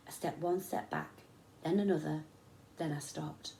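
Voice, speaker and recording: A woman teacher reading a children's story aloud with expressive, dramatic storytelling. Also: sits low, measured pace, gravelly, distant mic, a little hiss or hum. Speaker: primary school teacher. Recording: echoey room.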